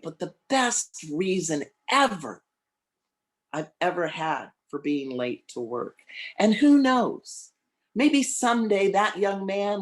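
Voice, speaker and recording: Man giving a heartfelt storytelling sermon. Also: high voice. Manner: heartfelt storytelling with slow emphatic pauses. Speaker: guest speaker.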